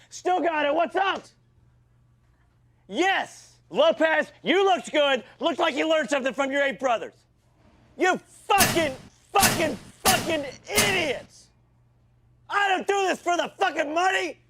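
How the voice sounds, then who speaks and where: An actor playing a foul-mouthed, abusive male football coach who shouts and berates his team in a comedic rant. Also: very high voice, full character voice.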